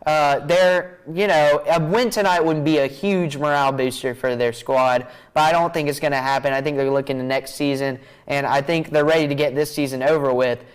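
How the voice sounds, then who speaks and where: Young male host, fairly high, smooth voice, chatty and quick to laugh, high school football preview. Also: steady tone, low-quality recording. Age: young adult. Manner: chatty, laughs easily, says y'all. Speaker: student broadcast host. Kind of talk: pregame picks show hosting.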